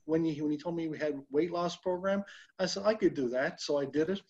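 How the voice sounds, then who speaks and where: A man from Newfoundland, Canada, telling his own story on a video call in a rambling, halting way. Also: a little high, a little mellow, dull audio. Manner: rambling, many fillers and restarts. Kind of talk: casual testimonial.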